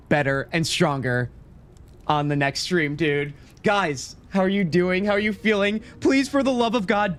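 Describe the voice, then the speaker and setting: A man with an American accent hosting a casual gaming livestream, animated and chatty with his viewers, a bit out of breath. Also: high-pitched. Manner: animated, talks fast and chatty to viewers, says "dude" often. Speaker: livestream host. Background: faint game and tavern music.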